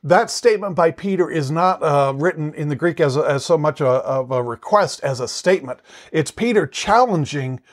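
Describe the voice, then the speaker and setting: Earnest male Bible teacher, slightly high voice. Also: expressive, normal speed, few pauses. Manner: earnest, explanatory, frequent restarts and repeated words.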